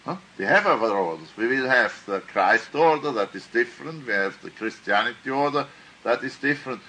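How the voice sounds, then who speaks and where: Brief: male teacher, bright tone, unhurried pace, keeps checking with "huh?". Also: medium pitch, slight background noise, rough recording. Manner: questioning, repeats questions, frequent "huh?". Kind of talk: slow deliberate class lecture.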